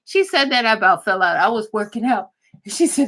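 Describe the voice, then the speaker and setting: A woman's voice: medium pitch, lively intonation, fairly quick, fairly bright tone. A woman vlogger, chatting casually and laughing often as she gossips and swears. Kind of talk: casual chat commentary.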